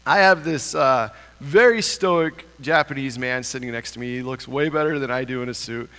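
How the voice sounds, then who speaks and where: A man giving an animated church talk, telling a self-mocking story and climbing higher in pitch when excited. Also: moderate pace, big-room sound. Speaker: church speaker.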